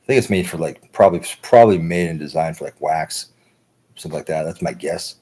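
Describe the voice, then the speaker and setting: A low, husky-voiced American man talks on a livestream in a loose, meandering monologue. He swears freely and keeps tacking "right?" onto his sentences. His deep, slightly raspy tone stays relaxed and conversational. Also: fairly quick. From United States. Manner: loose, profane, repeats "right?". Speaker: livestream host. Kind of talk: rambling casual monologue.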